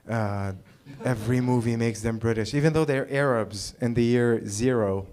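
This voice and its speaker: Brief: male stand-up comic from the Middle East, dry and hesitant, mid-pitched, open mic set. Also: fairly even intonation, darkish tone. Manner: halting and dry, full of uh and like. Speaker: stand-up comedian. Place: small live comedy venue.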